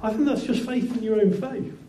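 A man's voice: very high-pitched, steady tone, brisk, dark tone. A man preaching a sermon in a conversational way, often repeating words and restarting phrases. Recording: roomy echoing hall.

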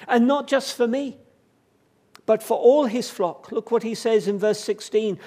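A man preaching a sermon, swinging from hushed, slow passages to fervent, emphatic repetition. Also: extremely high pitch.

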